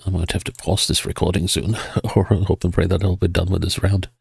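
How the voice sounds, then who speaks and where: A man with a low, husky voice and a stuffed-up nose talks through a video game in a casual, hesitant way, thinking aloud and chuckling now and then. His voice has a gravelly edge, and the recording is dry and close. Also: little pitch movement, fairly quick, darkish tone, dry recording. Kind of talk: casual gameplay commentary.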